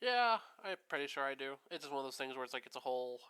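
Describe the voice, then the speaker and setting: A man's voice: medium pitch, sing-song, quick pace, pushed and bright, clear, resonant tone. A man hosting a stream, chatting in a rambling, easygoing way while he paints. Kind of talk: casual chat while painting. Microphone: streaming setup.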